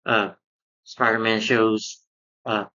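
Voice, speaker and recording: A man with a fairly low voice walks through a cartoon episode in a loose, rambling recap, leaning on "you know" and restarting his sentences. The sound is dull and lo-fi. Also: little pitch movement, takes it slowly, sharp tone. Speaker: cartoon reviewer. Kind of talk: casual spoken review.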